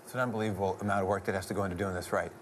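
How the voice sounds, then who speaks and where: A man's voice: low-pitched, steady tone, very fast, slight background noise. A man hosting a talk show, chatting casually with a guest and laughing easily.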